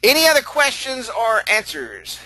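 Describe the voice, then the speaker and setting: Folksy, bright-voiced man leading a webinar. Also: very high voice, wildly swooping pitch, moderate pace, dry recording, faint music behind, rough recording. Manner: folksy, chatty, talks back to chat comments; laughs often, repeats himself. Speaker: online trainer. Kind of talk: live webinar training.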